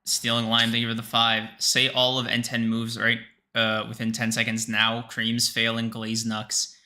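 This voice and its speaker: A man's voice: medium pitch, monotone, normal speed, pushed and bright. A young man co-hosting a casual podcast livestream, exasperated and swearing often as he protests. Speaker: podcast co-host.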